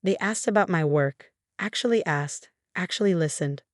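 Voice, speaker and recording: Woman narrator in her thirties, deep voice, flat steady delivery, dry recording. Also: moderate pace, no room sound. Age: 30s. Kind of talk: scripted story narration.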